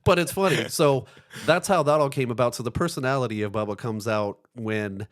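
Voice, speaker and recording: Male guest, mid-pitched, animated storyteller who laughs easily, casual chat. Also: fairly quick. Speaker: podcast guest. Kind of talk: casual conversation.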